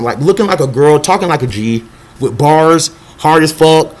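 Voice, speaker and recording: A young man rambling in a casual vlog monologue, excitable and profane, jumping between thoughts and acting out quotes. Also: normal speed. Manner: scattered, excitable, profane, acts out quotes in a high voice. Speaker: vlogger.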